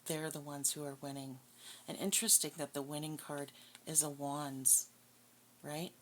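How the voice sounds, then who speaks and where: A woman's voice: deep voice, steady tone, normal speed, slight background noise, low-quality recording. A woman giving a casual tarot reading, blunt, profane and scornful. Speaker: tarot reader.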